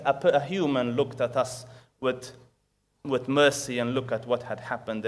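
Preaching in a medium-pitched voice, a man tells a story in his sermon, acting out the quotes and reciting Arabic verses rapidly. His delivery swings from loud emphasis to quiet asides.

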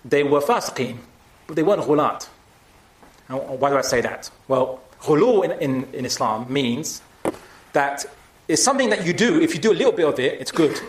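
A man's voice: fairly high pitch, sing-song, normal speed, reverberant, slight background noise. A man giving a public talk and taking audience questions, speaking emphatically with frequent restarts.

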